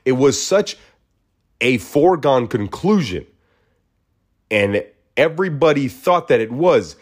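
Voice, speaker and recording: A man's voice: mid-range voice, very animated, measured pace. A man hosting his own podcast, talking alone in a casual, rambling way and acting out quoted voices. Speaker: podcast host. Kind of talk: casual solo monologue.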